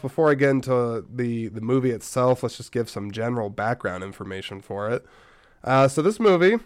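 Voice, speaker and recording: A podcast host with a medium-pitched, clean voice records a casual solo episode in studio quality with no room sound. Still a bit tired from a stomach bug, he's chatty and rambling, full of asides and restarts.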